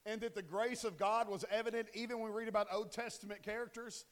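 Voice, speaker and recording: Man, pastor, high-pitched, conversational and joking, long church reverb. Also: fairly even intonation, quick pace. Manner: joking, conversational, asks the congregation questions. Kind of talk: casual humorous sermon. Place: church sanctuary.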